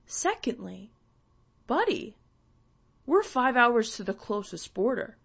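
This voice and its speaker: Slow, blunt ranting woman. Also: fairly high pitch, sing-song, vocal fry, slightly rough. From Canada. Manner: blunt, swearing, sarcastic. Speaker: podcast host. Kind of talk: ranting monologue.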